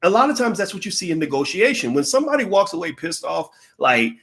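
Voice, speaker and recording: A middle-aged man holds forth in a loose, conversational monologue about negotiation. His voice sits a touch high for a man, and he gets animated, slipping into quoted voices and dropping casual curses. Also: a little fast, hardly any pauses. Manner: animated, acts out quoted people, swears casually. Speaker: commentator on business.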